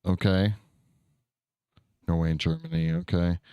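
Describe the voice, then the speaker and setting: A man hosts a relaxed livestream, talking straight into a close microphone with a low, smooth voice. He reads chat aloud and chats back loosely, swearing now and then. The sound is dry and close. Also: measured pace, dry recording. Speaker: streamer.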